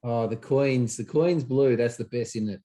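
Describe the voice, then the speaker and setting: A man with an Australian accent hosting a casual interview, relaxed and encouraging toward his guest. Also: medium pitch, moderate pace. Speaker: podcast host.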